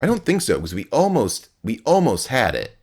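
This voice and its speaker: A man's voice: medium pitch, wildly swooping pitch, normal speed, a little mellow, husky. A young man streaming a game live, chatting with his viewers in a rambling, playful way and grunting as he plays.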